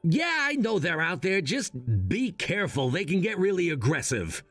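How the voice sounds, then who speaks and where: A man voicing a calm, calculating young adult son who speaks in a matter-of-fact, quietly scheming way. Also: high voice, normal speed, no room sound, faint music behind, exaggerated voice.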